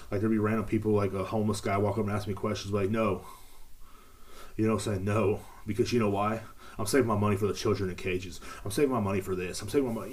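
Male podcast host, lowish voice, loose rambling storyteller. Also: darkish tone. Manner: rambling, jokey storytelling with frequent fillers. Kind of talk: casual solo podcast monologue.

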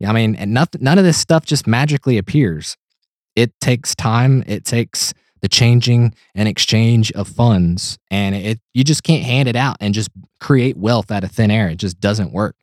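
Man, mid pitch, blunt sarcastic co-host, dry close mic. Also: moderate pace, darkish tone, no room sound. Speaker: podcast co-host. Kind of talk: casual political chat.

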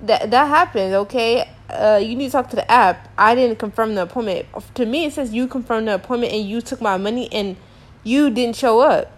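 A woman's voice: a little high, a little fast. A young woman telling a frustrating story to camera in a casual rant, exasperated and slangy, with many filler words. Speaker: teacher.

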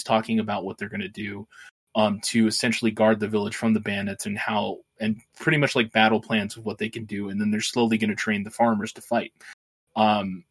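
Rambling man recapping a film. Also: lowish voice. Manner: rambling, swears freely, laughs while retelling. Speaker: podcast co-host.

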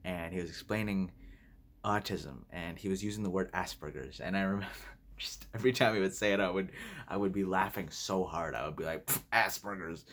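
A man's voice: sits low, fairly quick. A young man hosting a podcast, talking in a blunt, rambling, crude and flippant way, laughing often. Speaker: podcast host. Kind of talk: casual solo podcast monologue.

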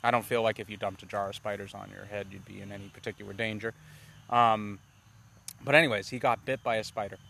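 A man co-hosting a casual movie review podcast, talking in a rambling, animated way with plenty of swearing. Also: lowish voice, fast, vocal fry, slight background noise. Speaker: podcast co-host.

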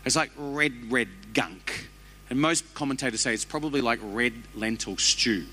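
A man, preaching a sermon as a pastor with animated, humorous storytelling. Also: medium pitch, moderate pace, a little hiss or hum.

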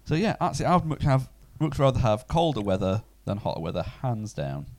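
A man's voice: medium pitch, big pitch swings, fairly quick. A man in casual chat, laid-back and jokey.

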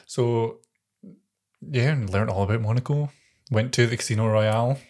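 A man's voice: mid-range voice, normal speed, darkish tone. A young man co-hosting a podcast, chatting casually and telling stories with a lot of laughter. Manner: chatty storyteller, laughs often. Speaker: podcast co-host. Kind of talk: casual chat.

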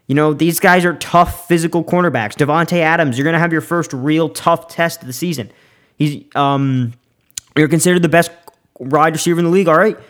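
A man's voice: on the high side, steady tone, a little fast. Fired-up young man ranting about football. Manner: heated, fired up, repeats himself and restarts often. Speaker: sports podcast host. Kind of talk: casual opinionated sports rant and picks.

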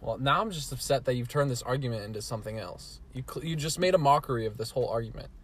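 A man's voice: medium pitch, fast, slightly rough. A man co-hosting a podcast, protesting in an exasperated, rambling way. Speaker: podcast co-host. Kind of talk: casual argument.

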